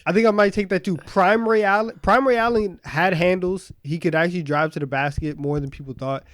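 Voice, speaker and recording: A young man co-hosting a casual sports podcast, excitable and laughing often. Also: high-pitched, brisk. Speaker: podcast co-host.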